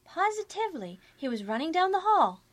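A ditzy, high-voiced young secretary. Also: female voice, big pitch swings, a little fast, no room sound. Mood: naive. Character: scatterbrained young woman secretary, sweet and naive. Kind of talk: 1950s radio sitcom acting.

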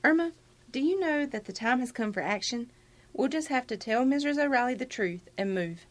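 An actress playing a sensible, wisecracking young roommate in a 1950s radio sitcom. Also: female voice, on the high side, lively intonation, normal speed, lightly acted. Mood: brisk.

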